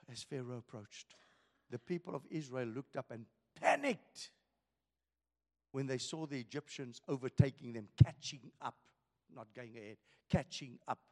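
A male pastor preaching a sermon, emphatic and full of rhetorical questions, swinging from loud declarations to hushed asides. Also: medium pitch, very animated, measured pace, big-room sound.

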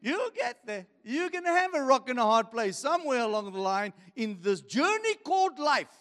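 A male pastor preaching in a strikingly high, animated voice. He works through scripture at an unhurried pace and keeps asking his listeners questions. The sound carries a long reverb, like a large church hall. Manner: preaching with rhetorical questions to the congregation. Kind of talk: sermon.

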